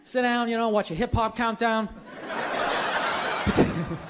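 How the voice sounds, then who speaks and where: Guy doing stand-up, rambly self-mocking bits, loud room noise all over. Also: extremely high pitch, slow pace. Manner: rambling, self-mocking, lots of "you know". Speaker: stand-up comedian. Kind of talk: stand-up routine. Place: comedy stage. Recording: live club with loud crowd noise.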